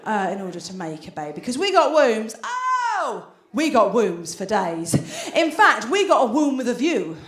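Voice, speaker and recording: A woman's voice: fairly high pitch, big pitch swings, normal speed, hardly any pauses, fairly bright tone, roomy sound. A British woman performing a stand-up comedy routine on a theatre stage, chatty and conspiratorial with the crowd. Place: theatre stage before an audience.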